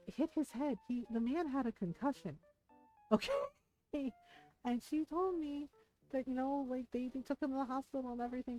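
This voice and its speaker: Chatty woman streamer, mellow voice. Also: on the high side, rough recording. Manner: chatty, emphatic, laughs often. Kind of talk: casual storytelling chat.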